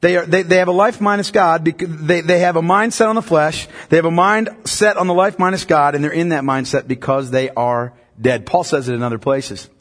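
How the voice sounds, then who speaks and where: Husky guy preaching, kinda high voice, lots of long echo like a big church hall. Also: fairly even intonation, brisk, few pauses. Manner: emphatic preaching, rising to loud peaks. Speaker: pastor. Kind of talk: sermon.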